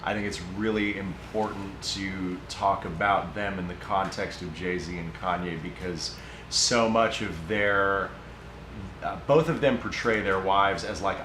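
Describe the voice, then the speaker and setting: A man hosting a casual podcast, introducing the next segment in a relaxed, offhand way. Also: low-pitched, measured pace. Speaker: host. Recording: echoey room with clear background noise.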